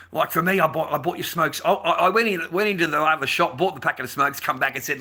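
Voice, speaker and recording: A middle-aged man talks straight to his livestream audience, blunt and profane, circling back on himself with stammered restarts. His voice is very bright and sharp-edged. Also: fairly high pitch, fast, breathy edge. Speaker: livestream host. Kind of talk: casual livestream rant.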